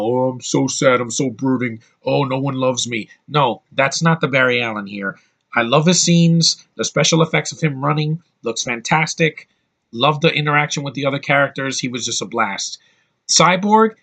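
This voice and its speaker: Gravelly, bright-voiced male movie reviewer. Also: a little high. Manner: enthusiastic and blunt, rambling with restarts and mild profanity. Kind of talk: casual spoken movie review.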